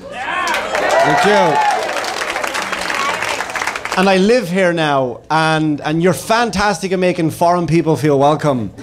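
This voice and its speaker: A man in his thirties from Ireland with an Irish accent, telling jokes in a deadpan stand-up comedy set on a club stage. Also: on the high side, takes it slowly, long pauses. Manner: deadpan storytelling with punchlines. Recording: live club recording with crowd noise. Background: audience laughter and room noise.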